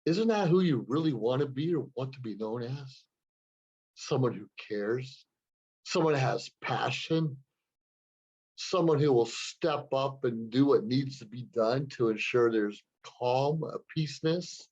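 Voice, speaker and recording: A man hosting his own show speaks alone to a computer camera in an earnest, moralizing, preachy tone, often repeating a word while he thinks. His medium-pitched voice is a little slow, slightly mellow and rough, and the sound is lo-fi.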